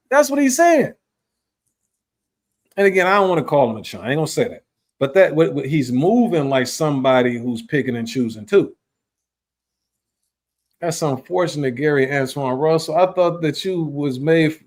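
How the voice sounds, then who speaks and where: A man hosting a live boxing talk show, arguing in heated, slangy chat with sudden jumps in pitch and a lot of repetition. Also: lively intonation, moderate pace, pauses often, darkish tone. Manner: slangy, repeats himself while arguing.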